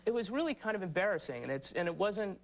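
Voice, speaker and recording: A man in his thirties, a comedian guest on a talk show, talking in a sardonic, rambling way and mocking people with quick put-on voices. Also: sits high, lively intonation, creaky. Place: TV studio with live audience.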